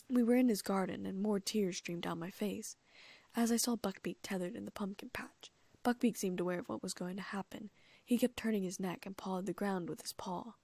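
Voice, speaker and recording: A woman reading first-person fan fiction aloud as an audiobook, in hushed, often half-whispered narration. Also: medium pitch, no echo. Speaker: audiobook reader.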